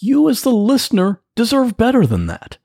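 A man's voice: very high-pitched, huge pitch swings, normal speed, gravelly, mellow, no echo, studio quality. A man hosting his own podcast about computers, talking in a chatty, folksy, plain-spoken way from his home office. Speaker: podcast host, computer repair tech. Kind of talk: solo podcast monologue.

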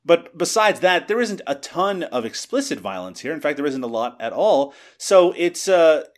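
A man's voice: on the high side, sing-song, normal speed. A man co-hosting a casual movie review podcast, talking with frequent fillers and restarts. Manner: hesitant, lots of fillers and restarts. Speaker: podcast co-host.

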